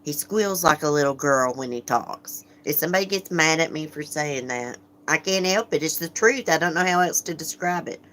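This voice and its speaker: A woman's voice: deep voice, lively intonation, normal speed, few pauses, a bit bright, a little hiss or hum. A woman hosting a casual livestream, chatting frankly, laughing often and greeting viewers as she reads comments. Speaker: livestream host.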